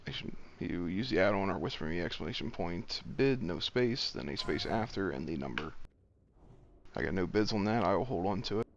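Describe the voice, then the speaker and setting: Gravelly low man leading a game raid. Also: animated, brisk, a little hiss or hum. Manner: calls out bids and directions matter-of-factly. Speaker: raid leader running loot auction. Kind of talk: casual game voice chat. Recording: dull lo-fi voice chat audio.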